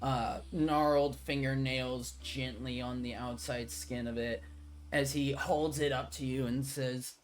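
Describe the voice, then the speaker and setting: Slow-paced man narrating as game master. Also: medium pitch, steady tone, slight background noise. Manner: unhurried, descriptive narration with fillers.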